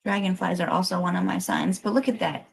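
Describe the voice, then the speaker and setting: A woman's voice: on the low side, brisk, gravelly, slight background noise, low-quality recording. A woman giving a livestreamed collective tarot reading, emotional and emphatic, urging listeners on and swearing casually. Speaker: tarot reader.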